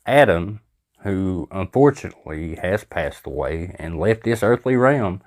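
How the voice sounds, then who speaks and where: Annoyed guy ranting sarcastically on his reaction vid, lowish voice. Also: lively intonation, a little slow, darkish tone. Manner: exasperated, sarcastic. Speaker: commentary video host. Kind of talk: angry reaction commentary.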